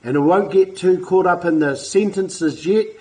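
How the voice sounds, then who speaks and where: A man, coaching te reo learners in a casual talk to camera, repeating words slowly and clearly. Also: high-pitched, low-quality recording. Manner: warm, encouraging, repeats words slowly for pronunciation.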